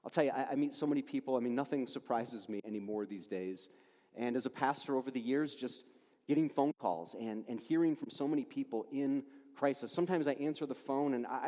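A man preaching a sermon as a pastor, emphatic and animated, often restarting his words. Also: mid-range voice, fast talker. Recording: long reverb of a large hall.

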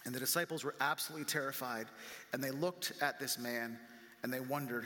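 A male pastor preaching a conversational sermon, acting out the voices of critics and climbing higher and louder as he gets animated. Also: brisk. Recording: long reverb from a large room.

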